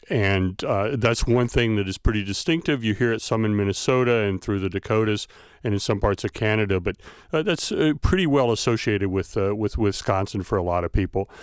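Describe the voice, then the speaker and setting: A man's voice: fairly low pitch, clear, resonant tone, dry recording, studio quality. A man with a Southern US accent, a linguistics professor explaining ideas thoughtfully in a radio interview, with many uh fillers. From American South.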